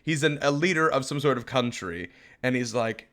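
A man's voice: mid-range voice, expressive, moderate pace, fairly bright tone. Man, podcast co-host, casual chat, laughs a lot, rambling stories, mid-range voice. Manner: laughs often, rambling storyteller.

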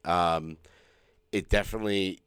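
Low-voiced man rambling in casual chat. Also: steady tone, measured pace, a bit bright, clean tone, no echo, studio quality. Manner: rambling, swears freely, many restarts. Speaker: podcast co-host.

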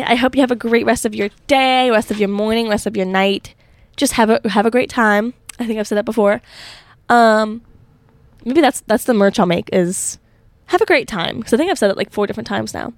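Casting: young woman, solo podcast host, chatty and giggly, bright high voice, dry close mic. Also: no echo. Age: young adult. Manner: rambling, giggly, filler-heavy. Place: college dorm room.

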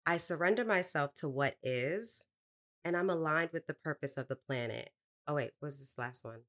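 A woman co-hosting a podcast, calmly guiding listeners through affirmations and a breathing exercise. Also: deep voice, moderate pace. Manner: calm and guiding, relaxed. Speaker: podcast co-host. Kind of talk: leading affirmations and casual podcast talk.

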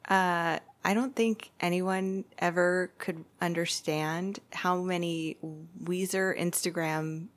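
A woman's voice: fairly low pitch, fairly even intonation, slow, hardly any pauses. A woman co-hosting a podcast in casual chat, upbeat but hesitant, with many fillers. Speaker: podcast co-host.

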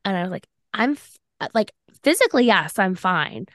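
A woman's voice: mid-range voice, normal speed, no echo. Chatty young woman, dry close sound. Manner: animated, fillers of "like", acts out quoted lines. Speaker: podcast co-host. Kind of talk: casual storytelling chat.

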